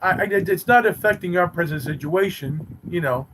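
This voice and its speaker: A man's voice: high-pitched, normal speed, fairly bright tone, slight background noise, rough recording. A man hosting a live stream, chatting with viewers in a teasing, mock-romantic way. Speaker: livestream host reading chat. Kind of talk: rambling playful live chat.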